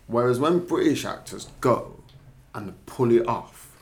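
A man's voice: mid-range voice, expressive, unhurried, vocal fry, darkish tone. A man hosting a podcast, explaining his ideas at length in casual chat.

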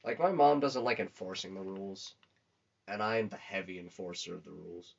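A man's voice: deep voice, fairly quick, gravelly. A young man chatting casually on a podcast, telling rambling, crude, profanity-laden stories. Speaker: podcast co-host. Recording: dull lo-fi recording.

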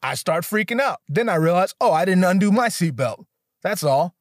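A young man doing stand-up storytelling, animated and profane, jumping into voices for the people he quotes. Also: sits high, normal speed, no echo, clean studio sound. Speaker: stand-up comedian.

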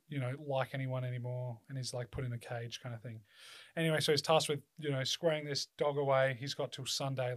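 A man hosting a podcast in casual chat, laid-back, swearing often and filling with ums. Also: mid-range voice. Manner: laid-back, swears a lot, many fillers. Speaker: podcast host.

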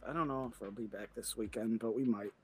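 A man's voice: lowish voice, fairly even intonation, fast, crowd noise. A man co-hosting a casual nerd-news podcast, rambling, laughing and trailing off mid-sentence. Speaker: podcast co-host. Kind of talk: casual chat.

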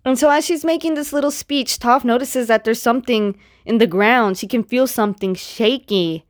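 A woman's voice: a little high, moderate pace. A woman casually recapping a comic book story, chatty and full of filler words. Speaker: reviewer retelling a story.

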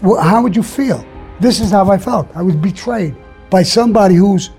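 A man's voice: high-pitched, normal speed, a little mellow, husky, soft background music. An older man, telling blunt, profane stories as an interview guest. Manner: blunt, profane, streetwise storytelling. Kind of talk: storytelling interview.

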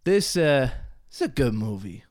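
Relaxed young man on a podcast. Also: medium pitch. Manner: relaxed, halting, many fillers. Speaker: podcast co-host. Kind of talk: casual movie review chat.

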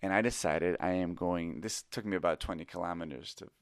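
Man, middle-aged, very low voice, gravelly, confessional storytelling, candid and self-critical. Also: brisk, no room sound, studio quality. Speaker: improv teacher.

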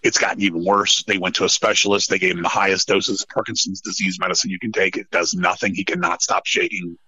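A middle-aged man telling stories in a casual podcast chat, swearing often and rambling in an animated way. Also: deep voice, fast talker, slightly rough, no room sound, highs cut off. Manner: profane, animated, rambling storyteller. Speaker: podcast guest, metal musician.

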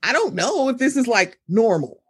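A woman co-hosting a podcast in casual chat, animated and profane, often slipping into mocking voices of others. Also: a little high, normal speed, husky. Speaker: podcast co-host.

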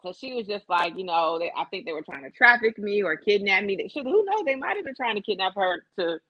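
A woman's voice: mid-range voice, sing-song, a little fast, dry recording, lo-fi sound. A woman co-hosting a casual podcast, telling a gossip story with lots of profanity, quoted voices and laughter. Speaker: podcast co-host.

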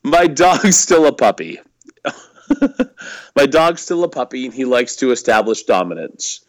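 A man's voice: medium pitch, lively intonation, measured pace, no room sound, poor audio. A man co-hosting a podcast, rambling and laughing a lot as he swears his way through casual wrestling chat. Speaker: podcast co-host.

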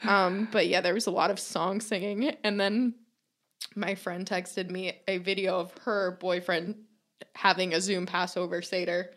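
In a lowish, level, unhurried voice, a young woman recounts a funny story during a relaxed podcast chat. She swears without restraint and performs the quotes amid plenty of laughter.

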